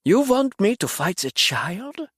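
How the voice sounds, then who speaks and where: A man voicing an arrogant male demon fighter who snarls and shouts his threats. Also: a little high, animated, moderate pace, no echo, clean studio sound, pitched above the performer's own voice, natural voice. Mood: snarling.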